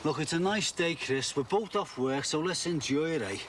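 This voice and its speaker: A man's voice: fairly high pitch, normal speed, noisy background, natural voice. A man playing an easygoing, placating young man. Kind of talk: TV soap acting.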